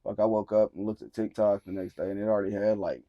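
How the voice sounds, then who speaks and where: A young man with a Southern accent, talking in a relaxed, drawling way as a musician guest in an interview. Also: lowish voice, fast talker, dry recording, lo-fi sound. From Tennessee. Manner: laid-back, drawling, swears casually. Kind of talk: casual interview chat.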